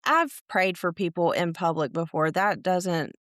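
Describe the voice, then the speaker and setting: A woman tells a personal story on a faith podcast, earnest and animated, acting out what others said. Her voice sits a little low and sounds smooth and resonant. The close mic sounds dry, with no room around it. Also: measured pace, dry recording. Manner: earnest, acts out quotes of others. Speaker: podcast co-host. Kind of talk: storytelling in casual faith chat.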